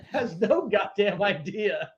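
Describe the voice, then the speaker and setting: A man's voice: high voice, lively intonation, slow, dull audio, slight background noise. A man co-hosting a casual podcast, telling stories in a rambling, profane way. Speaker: podcast co-host. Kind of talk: casual chat.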